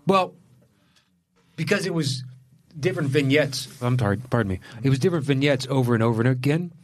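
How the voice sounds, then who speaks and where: A man with a mid-pitched voice talks through films on a podcast in an easygoing, conversational way, often apologizing as he goes. The recording is close and dry, with no room sound. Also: animated, brisk, no echo. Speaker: podcast co-host. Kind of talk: casual movie chat.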